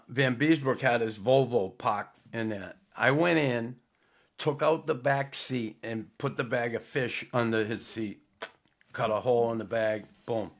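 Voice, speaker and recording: A man's voice: mid-range voice, a bit bright. A middle-aged man hosting a podcast, telling a story in a laid-back, profane way with lots of fillers. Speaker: podcast host. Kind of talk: casual storytelling.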